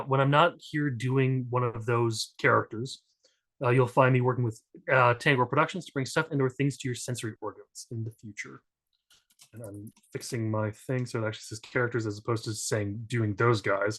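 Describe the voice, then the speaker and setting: A man's voice: medium pitch, steady tone, normal speed, a bit bright. A man introducing himself on a tabletop gaming stream, rambling and joking, often interrupting himself. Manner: rambling, self-interrupting, jokey. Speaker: tabletop game player and game master.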